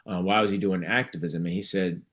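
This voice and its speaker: Reflective, somewhat low-voiced man. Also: steady tone, brisk, a bit bright. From United States. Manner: reflective, with frequent restarts. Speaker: guest author and physician. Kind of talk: conversational storytelling in an interview.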